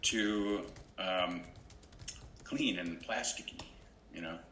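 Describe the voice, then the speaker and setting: A man's voice: sits low, slow, sharp tone, slight background noise. A man coaching an actor on a video call, explaining in an easygoing way with lots of fillers. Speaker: acting coach. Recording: roomy video call with faint ambience.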